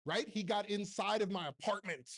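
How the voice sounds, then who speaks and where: A man's voice: sits high, normal speed, fairly bright tone. A man in his forties giving a blunt, joking motivational talk on stage to a live audience, speaking into a handheld microphone and firing off rhetorical questions. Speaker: keynote speaker and TV producer.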